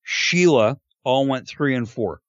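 A man's voice: medium pitch, expressive, takes it slowly, a bit bright, dry recording, muffled recording. A man co-hosting a casual podcast chat, hesitant and wry, chuckling at his own jokes. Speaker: podcast co-host.

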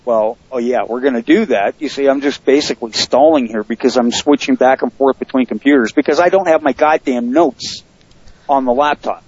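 A man's voice: mid-range voice, fairly quick, darkish tone, breathy edge, dry recording, dull audio. A man hosting a casual wrestling podcast, brash and profane, teasing his co-hosts. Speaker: podcast host.

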